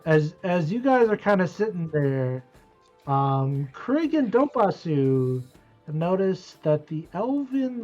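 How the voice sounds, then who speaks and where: Slow game master voice, lots of uhs, kinda muffled stream audio. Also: mid-range voice. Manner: halting, many uhs. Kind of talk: narrating a tabletop game.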